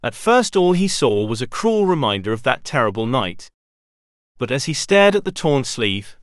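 A man narrates a storybook with an expressive, lively pitch and a measured, deliberate reading. The recording is dry and close, with no room sound. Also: dry recording. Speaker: audiobook narrator.

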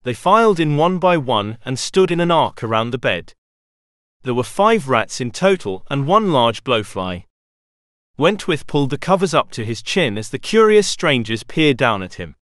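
A man reading a children's storybook aloud in an expressive way. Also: mid-range voice, normal speed, dry recording, studio quality. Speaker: narrator. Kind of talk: storybook narration.

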